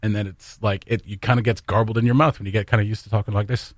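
A man with a Canadian accent, telling rambling, animated stories in casual radio-studio chat. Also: fairly low pitch, very fast, no room sound. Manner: rambling, animated storyteller, trails off mid-sentence. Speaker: radio show regular.

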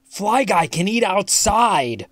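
An excited young boy from a picture book bursts out in high, eager exclamations, put on by a reader. The voice leaps up and down with lively swings, recorded dry and close. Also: slow, no echo, full character voice. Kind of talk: children's read-aloud character voice.

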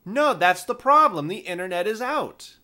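A man's voice: sits high, very animated, moderate pace, pushed and bright, voice pushed up, heavily acted. A man voicing a confused, stubborn customer calling tech support, baffled and insistent.

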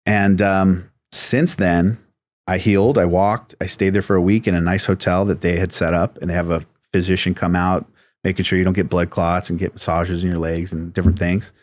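Low-voiced man telling a laid-back story. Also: flat delivery, normal speed, a little mellow, no room sound. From United States. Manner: laid-back, rambling, lots of "like" and "you know". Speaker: tattoo artist guest. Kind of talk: casual storytelling interview.

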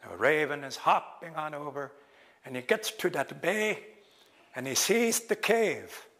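Slow, expressive male storyteller in a hall. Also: fairly high pitch. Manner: slow, expressive, acting out each character. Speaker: traditional storyteller. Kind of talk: live oral storytelling lecture. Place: lecture hall, in person. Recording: long reverb of a lecture hall.

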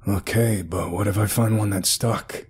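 A man's voice: lowish voice, steady tone, normal speed, slightly rough, soft background music. A man voicing a guilt-ridden male cave rescuer in a horror story, speaking hesitantly. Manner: hesitant, uncertain.

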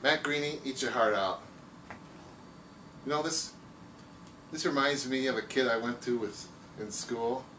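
A man, a magician, drawing on a board while delivering deadpan comic patter, recorded in an echoey room from a distance. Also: mid-range voice, unhurried, pauses often, a little hiss or hum.

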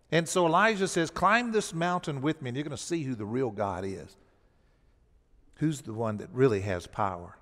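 A man's voice: on the high side, long reverb tail. A man preaching a sermon as pastor. He tells the story with emphasis and often restarts his words. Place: church sanctuary.

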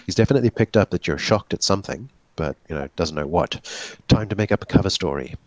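A man's voice: low-pitched, lively intonation, quick pace. A man acting as game master of a tabletop role-playing game on a voice call, explaining rules wryly. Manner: explanatory, wry, laughs at his players.

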